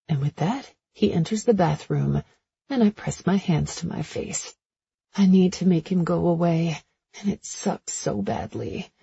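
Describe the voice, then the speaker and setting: Woman narrator for a first-person romance audiobook; raspy, gravelly, breathy and intimate, dull lo-fi sound. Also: low-pitched, moderate pace, mellow.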